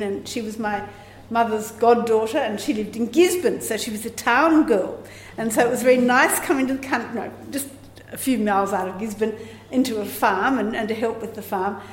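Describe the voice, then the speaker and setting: A woman's voice: fairly high pitch, slight background noise. A woman, telling a personal story live in a chatty, rambling way. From Australia. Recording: echoey room with faint ambience.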